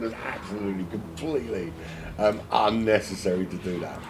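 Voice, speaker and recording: A man's voice: on the low side, fairly quick, background noise. A man from South London with a South London accent, commentating on a sim race from home in a rambling, self-mocking, chatty way.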